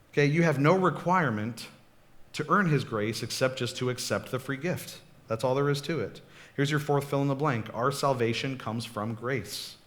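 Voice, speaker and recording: A man's voice: mid-range voice, fairly bright tone. A man preaching a casual, conversational sermon as pastor, often checking in with the congregation. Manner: chatty, checks in often with "okay?" and "right?".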